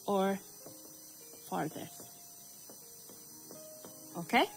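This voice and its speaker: A woman's voice: high voice, rough recording. A woman from Ethiopia teaching a recorded grammar lesson, repeating words and asking the class questions as she goes.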